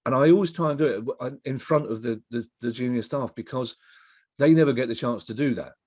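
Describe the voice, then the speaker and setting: A middle-aged comedy writer appears as a guest in a casual interview, telling anecdotes in a rambling way and interrupting himself to restart sentences. His mid-range, darkish voice is brisk, and the studio recording is clean with no room sound.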